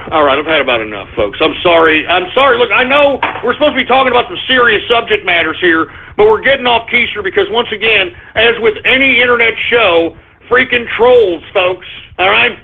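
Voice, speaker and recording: A man ranting as host of an internet radio show, exasperated, swearing and tripping over his words. His voice sits high for a man and has a gravelly, husky edge. It comes through a tinny, phone-like stream. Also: animated, brisk. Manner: exasperated, cursing, talks to "folks", stammering restarts.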